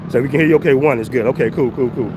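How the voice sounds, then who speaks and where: A man's voice: mid-range voice, very fast. A man live-streaming a casual vlog while walking uphill outdoors, out of breath and huffing as he talks. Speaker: travel vlogger. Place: outdoors on city streets. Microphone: phone mic, no headphones. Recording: wind and street noise. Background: traffic and street ambience.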